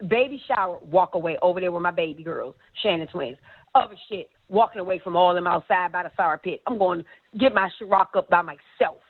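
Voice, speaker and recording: A woman's voice: lowish voice, brisk. A woman telling gossip stories in casual, profane chat, acting out what others said. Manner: animated, profane, acts out quotes. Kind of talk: casual storytelling. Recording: tinny phone-like line.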